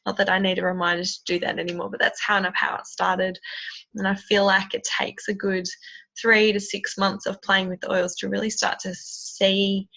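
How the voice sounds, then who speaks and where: A woman's voice: mid-range voice, flat delivery, normal speed, gravelly, pushed and bright. A woman, chatting enthusiastically and rambling with many ums in a casual tutorial. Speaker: essential oils seller. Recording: dull lo-fi sound.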